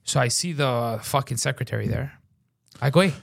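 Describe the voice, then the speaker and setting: A man telling a story in casual chat, animated, swearing a lot and saying "bro", acting out his own shouting. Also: medium pitch, moderate pace, gravelly. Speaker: podcast host.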